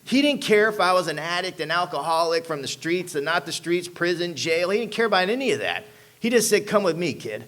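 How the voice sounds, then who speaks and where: A man's voice: sits high, expressive, brisk, a bit bright. A man giving a personal testimony talk to an audience. He tells his recovery story emphatically and keeps dropping "man" and "you know what I'm saying". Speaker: speaker sharing a recovery story.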